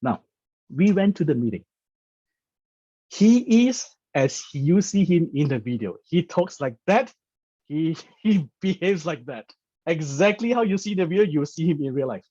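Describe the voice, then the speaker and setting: A man's voice: fairly high pitch, lively intonation, unhurried, warm tone, breathy edge, dry recording, muffled recording. A man giving a storytelling business talk in a chatty way, often stammering and repeating words. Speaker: business presenter.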